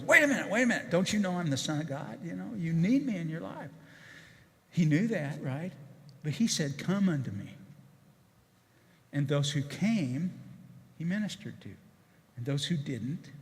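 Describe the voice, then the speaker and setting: An older man, a retired chief executive, telling stories in a casual, animated way with many restarts and asides, as a guest in a church service. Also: on the high side. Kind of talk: casual testimony on stage. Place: church auditorium. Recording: long reverb of a church hall.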